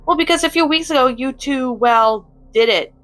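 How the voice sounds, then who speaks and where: A woman's voice: high-pitched, moderate pace, a bit bright, pitched above the performer's own voice. A woman voicing a playful princess who teases with puns. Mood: teasing. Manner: teasing, giggly.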